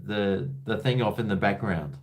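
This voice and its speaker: A man's voice: lowish voice, normal speed, heavy background noise. A man from Australia hosting a casual live-stream chat, rambling, hesitant and swearing freely. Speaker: host.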